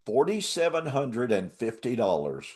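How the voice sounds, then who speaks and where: Lively older man telling a story. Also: mid-range voice, unhurried. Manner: animated, laughs often, acts out quoted voices. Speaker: show host. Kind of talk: casual storytelling chat.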